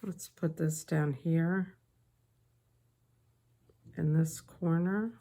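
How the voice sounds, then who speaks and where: A woman chatting casually while decorating her planner, telling a story with soft asides. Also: low-pitched, fairly even intonation, extremely slow. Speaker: planner vlogger. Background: faint paper crinkling and sticker sounds.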